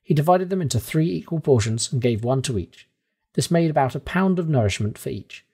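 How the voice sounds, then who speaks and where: A man reading a classic novel aloud in calm, measured audiobook narration. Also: fairly high pitch, husky.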